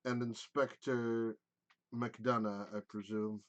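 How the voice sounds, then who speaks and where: A man voicing a stern, cold male elf mage who speaks in a low, measured way. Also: level tone, dull audio, natural voice. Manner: low, measured, quietly hostile.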